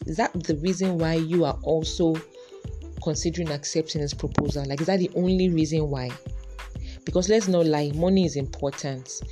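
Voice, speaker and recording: A woman's voice: low-pitched, mellow. A woman with a Nigerian accent hosting a casual podcast monologue, chatty and musing aloud, dropping in Yoruba and pidgin words. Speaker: podcast host.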